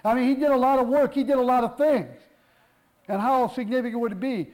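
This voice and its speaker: Man, preacher, high voice, rhetorical questions, repetitive emphasis, sermon. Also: normal speed, darkish tone, low-quality recording.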